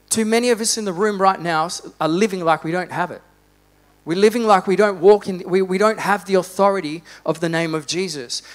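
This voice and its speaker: A man preaching a sermon in a church, fervent, rising to loud exhortation and dropping to quiet reflection. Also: high voice. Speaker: pastor.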